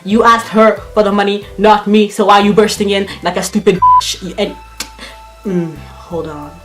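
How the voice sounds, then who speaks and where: A woman telling a storytime vlog, blunt, profane and animated. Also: medium pitch, a little fast, over loud music. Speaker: vlogger.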